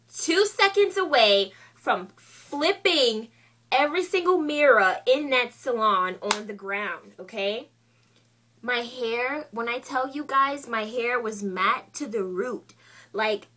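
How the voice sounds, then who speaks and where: A young woman vlogger telling a story in a casual, animated and exasperated way, full of "like"s and acted-out quotes. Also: a little high, recorded from a distance.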